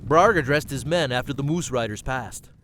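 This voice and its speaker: A man narrating an amateur fantasy story in a plain, steady way. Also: mid-range voice, normal speed, a little hiss or hum, poor audio.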